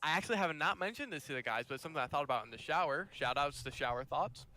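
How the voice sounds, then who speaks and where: A young man co-hosting a casual podcast, joking around and making playful shout-outs. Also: on the high side, lively intonation, fast talker. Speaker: podcast co-host. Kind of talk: casual chat.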